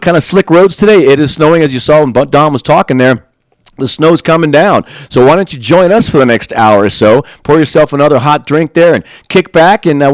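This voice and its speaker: A man's voice: mid-range voice, dry recording. Chatty morning-show host man, dry sound. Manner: rambling, friendly, many fillers and restarts. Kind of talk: casual live morning show chat. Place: hotel TV studio.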